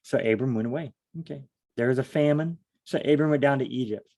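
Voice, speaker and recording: A man's voice: mid-range voice, fast talker, darkish tone. A man leading a casual solo Bible study, thinking aloud in a rambling, self-deprecating way.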